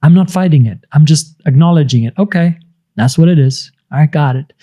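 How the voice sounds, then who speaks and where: A man in his thirties, a business coach, explaining ideas in conversation and acting out inner voices with sudden high-pitched outbursts. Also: brisk, mellow.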